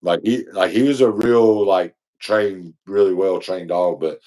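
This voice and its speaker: A man's voice: low-pitched, a little slow, mellow. A man co-hosting a podcast, telling a long, rambling, slangy story in casual chat. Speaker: podcast co-host.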